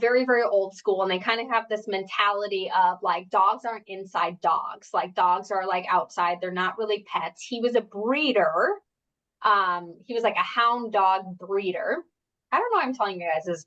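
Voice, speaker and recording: A woman's voice: mid-range voice, normal speed, a bit bright. Chatty woman coach, dull lo-fi sound. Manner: chatty, rambling, many fillers and asides. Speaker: health coach leading a group workshop. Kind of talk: casual live workshop talk. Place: at home, indoors.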